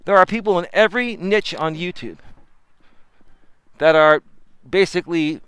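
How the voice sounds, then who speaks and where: Animated man live-streaming on his phone. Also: high voice, moderate pace, smooth, no echo. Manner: animated, emphatic, talks to chat viewers. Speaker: life coach and livestream host. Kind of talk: casual live-stream talk. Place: walking outdoors with phone.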